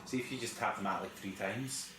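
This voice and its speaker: A man's voice: lowish voice, brisk. Dry man, distant and echoey. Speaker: podcast co-host. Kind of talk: casual chat. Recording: roomy, off-mic, faint noise.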